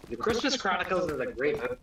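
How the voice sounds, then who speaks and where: A man's voice: high-pitched, sing-song, fast talker. A man making laid-back, offhand remarks on a gaming livestream. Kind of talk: casual chat. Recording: echoey, distant, noisy audio.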